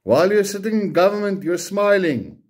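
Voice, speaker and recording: A man's voice: high voice, big pitch swings, a little fast. Angry South African man ranting. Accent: South African, Afrikaans-speaking. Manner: blunt, profane, repeats points with rhetorical questions. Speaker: political commentator. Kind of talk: angry political rant to camera.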